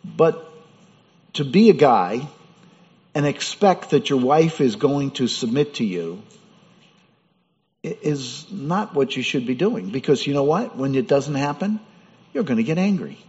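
A man's voice: medium pitch, very animated, a little slow, pauses often, a little mellow. A man preaching a sermon as pastor, in a conversational way with rhetorical questions. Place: church. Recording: dull sound with hall reverb.

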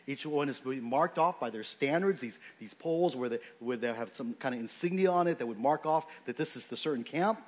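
A man's voice: mid-range voice, lively intonation, a little fast, few pauses. A man giving a sermon in a conversational, unscripted way, with frequent fillers and restarts as he explains a scripture passage. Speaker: pastor.

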